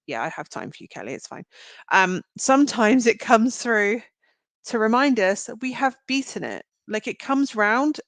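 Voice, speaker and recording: A British woman talks straight to her livestream viewers, giving readings in a rambling, conversational way. She giggles often. Her pitch is mid-range, and the sound is dry, with no room echo. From Britain. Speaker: card reader hosting a livestream. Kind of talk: live reading to chat viewers.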